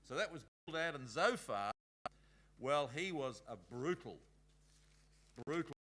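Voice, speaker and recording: A man teaches a Bible school class in a relaxed, conversational way. He reads passages aloud between his own remarks. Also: fairly high pitch, a little slow.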